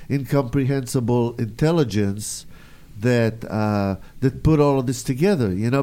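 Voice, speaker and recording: A man's voice: mid-range voice, mellow. A man hosting a casual chat, rambling with lots of fillers and laughing often. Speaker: host.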